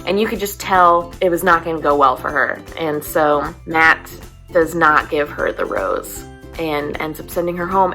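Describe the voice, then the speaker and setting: A woman hosting a casual, chatty recap of a reality dating show, animated and self-deprecating. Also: lowish voice, moderate pace, faint music behind. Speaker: host.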